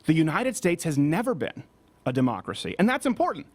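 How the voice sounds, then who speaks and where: A man hosting a political talk show with a quick, animated delivery. His pitch swings widely and sits a little high. He mocks his targets with a sharp edge. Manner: animated, mocking, breaks into shouted impressions. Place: studio.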